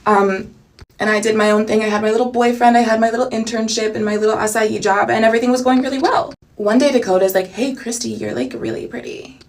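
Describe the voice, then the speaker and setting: A young woman telling a personal story in a chatty storytime vlog, animated and full of asides. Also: a little high, fast, distant mic.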